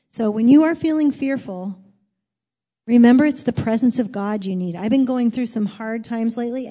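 A woman's voice: on the high side, mellow, in a large hall. A woman preaching a sermon in an earnest, conversational way, rising to emphatic exhortation.

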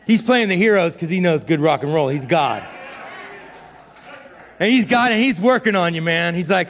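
A middle-aged male pastor giving a sermon in a casual, self-deprecating way, swinging between loud and hushed. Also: high-pitched, animated, normal speed, long pauses. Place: church hall. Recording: long hall reverb.

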